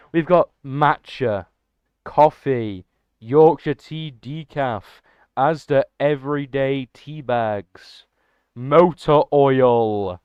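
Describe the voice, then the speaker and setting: A young man chatting excitably and rambling to his livestream chat. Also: on the high side, clean tone, dry recording. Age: young adult. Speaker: streamer. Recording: dull lo-fi dry mic.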